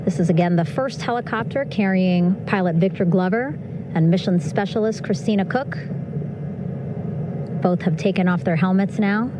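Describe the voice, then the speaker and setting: A woman's voice: medium pitch, normal speed, background noise. A woman giving upbeat live broadcast commentary, chuckling often as she describes what she sees.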